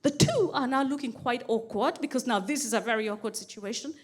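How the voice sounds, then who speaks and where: A woman comedian on a stage mic, with a high, bright voice. She tells her stories with animated energy and repeats phrases for comic build-up. Her quoted pleas are acted out. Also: brisk. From Kenya. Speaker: stand-up comedian. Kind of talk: stand-up storytelling.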